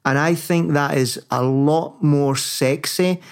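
A man's voice: fairly high pitch, steady tone, takes it slowly, clean tone. A man co-hosting a casual talk show, chatty and rambling, full of fillers and restarts. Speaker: podcast co-host. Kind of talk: casual chat.

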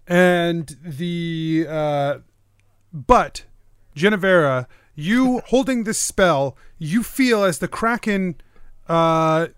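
Smooth-voiced man running a tabletop game. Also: fairly high pitch, no room sound. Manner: relaxed, descriptive, many fillers. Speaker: game master.

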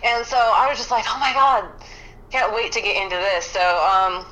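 A woman chatting as a guest, excitable and quick to laugh, swearing freely. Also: medium pitch, muffled recording. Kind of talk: casual chat.

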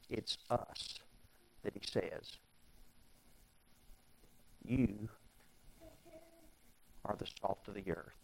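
A pastor preaching a sermon in a conversational way, with repeated phrases and strings of rhetorical questions. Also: male voice, lowish voice, creaky, slight background noise, low-quality recording.

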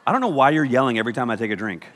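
A man's voice: mid-range voice, big pitch swings, rapid-fire, a bit bright, slight background noise. A young man preaching a comedic sermon as youth pastor, joking and teasing the crowd in a church hall. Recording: long hall reverb.

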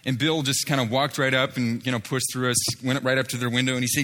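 Guy telling a street ministry story, bright forceful voice, lots of likes and uhs. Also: medium pitch, level tone, quick pace, few pauses. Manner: storytelling with frequent fillers and restarts, acts out others' lines. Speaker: street evangelist telling a testimony. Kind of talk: spoken testimony story.

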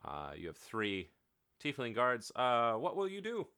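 A man hosting a tabletop role-playing show, giving announcements and narrating as game master in a relaxed way with many filler words. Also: mid-range voice, unhurried, clean tone, no room sound, studio quality.

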